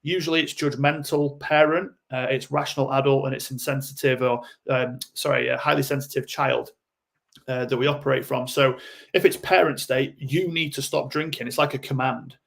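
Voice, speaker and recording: A man's voice: mid-range voice, steady tone, normal speed, vocal fry. A man speaking as a guest in a podcast interview, explaining ideas bluntly and acting out short quoted lines. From United Kingdom. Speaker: guest coach.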